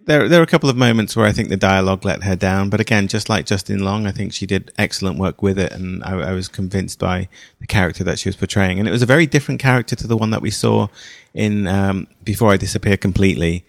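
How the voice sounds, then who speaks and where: A man's voice: sits low, fast talker, creaky, hardly any pauses, dry recording, clean studio sound. A man co-hosting a film podcast, talking through a review in a thoughtful, hesitant way with fillers. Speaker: podcast co-host. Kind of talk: casual film review chat.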